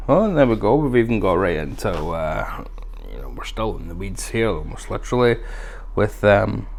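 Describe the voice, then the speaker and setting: A man's voice: on the low side, a little mellow. A man hosting a casual unboxing review, chatty and rambling with lots of fillers. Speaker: video host.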